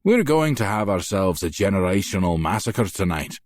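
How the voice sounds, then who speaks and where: A man's voice: low-pitched, very animated, moderate pace, dry recording, studio quality. A male narrator voicing a scornful, menacing Irish mob boss with an Irish brogue in an audiobook. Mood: gloating. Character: mocking brutal Irish mob boss, older man. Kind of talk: audiobook character voice.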